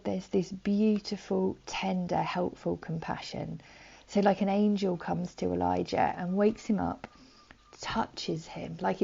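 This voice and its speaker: A woman giving a short devotional talk in a gentle, conversational way, sometimes dropping to a soft whisper. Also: mid-range voice, creaky. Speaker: preacher. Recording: dull lo-fi audio.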